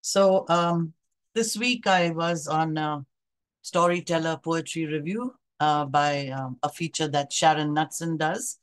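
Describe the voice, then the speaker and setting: A woman at an open mic reading her own poem in a measured, expressive way. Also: low-pitched, clear, resonant tone.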